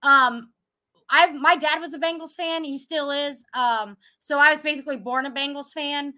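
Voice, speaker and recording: Bright, high-voiced chatty woman. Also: steady tone, normal speed. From Ohio, USA. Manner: chatty, acts out quotes, many "like"s. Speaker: contest winner guest. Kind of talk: excited phone interview storytelling.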